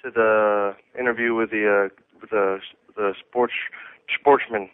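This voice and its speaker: A man from Miami calling into a radio show, hesitant and halting. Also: lowish voice, fairly even intonation, smooth. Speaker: caller. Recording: tinny phone line.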